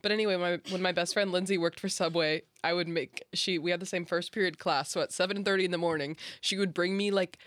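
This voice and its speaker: A young woman with a fairly low voice hosts a casual podcast, rambling through stories and laughing as she goes. The sound is dry, close and free of room echo. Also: steady tone, fast talker, few pauses, fairly bright tone. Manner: rambling storyteller, chatty and laughing. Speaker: podcast host.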